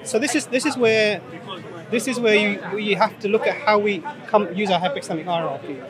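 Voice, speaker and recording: A man in an outdoor street debate, speaking in a measured way and building his points with everyday examples into a handheld mic. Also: high-pitched. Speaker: Muslim preacher. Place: outdoors in a public urban space. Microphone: handheld microphone held out by a crew member. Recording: street recording with crowd behind.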